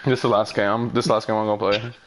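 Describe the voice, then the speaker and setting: A man's voice: lowish voice, level tone, very fast, crowd noise. A young man trash-talking and teasing friends during a casual gaming session. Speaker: gamer playing with friends.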